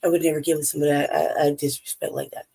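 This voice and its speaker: A woman in casual chat, animated, laughing often and swearing freely. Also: sits low, rapid-fire, gravelly, slightly rough.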